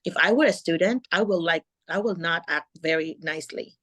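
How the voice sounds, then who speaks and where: Middle-aged woman, host and teaching coach on a video call; calm, kind, low-pitched. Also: a little fast. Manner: calm, encouraging, acts out classroom talk.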